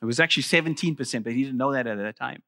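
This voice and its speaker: Bright-voiced animated male preacher. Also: mid-range voice, racing. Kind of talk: sermon.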